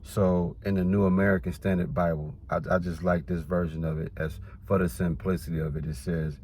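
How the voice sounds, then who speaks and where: A man's voice: low voice, fairly even intonation, brisk, a little mellow, slight background noise. A man teaching about the Bible in a casual preaching style, reading verses and then explaining them, often adding "man" and "you know".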